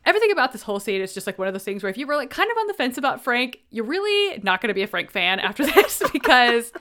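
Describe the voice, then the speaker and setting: A woman co-hosting a casual book podcast, chatty and animated, often laughing and acting out lines from the story. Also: a little high, fast. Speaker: podcast co-host.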